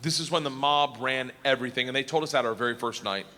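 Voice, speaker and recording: A man telling a stand-up story loudly and rowdily, laughing through his punchlines, recorded live at a show. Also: mid-range voice, quick pace. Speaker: stand-up comedian. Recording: live show in a hall, audience noise.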